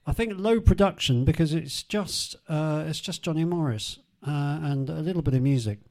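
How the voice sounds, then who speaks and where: A man's voice: fairly high pitch, moderate pace. A man presenting a show and chatting casually between the records he plays, rambling and correcting himself as he goes.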